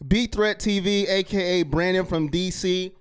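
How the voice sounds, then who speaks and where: A man co-hosting a casual fan chat show, animated and mocking, at times rising to near shouts. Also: high-pitched, moderate pace, smooth. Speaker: co-host.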